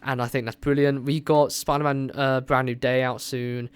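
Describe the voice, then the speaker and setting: A man hosting a movie review radio show, chatting casually and excitedly with lots of filler words. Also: medium pitch, normal speed, clear, resonant tone.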